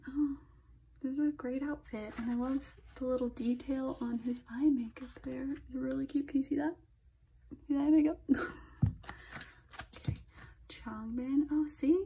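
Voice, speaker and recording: A young woman chatting through an album unboxing, gushing and chatty, sometimes dropping into soft whispers. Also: a little high, husky. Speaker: K-pop album reviewer. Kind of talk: casual unboxing commentary.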